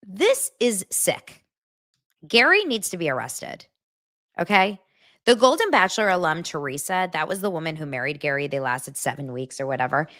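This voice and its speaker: A woman's voice: sits low, lively intonation, fast talker, few pauses, fairly bright tone. A woman hosting a celebrity gossip show, talking in a chatty, dramatic, rambling way. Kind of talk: casual celebrity gossip commentary.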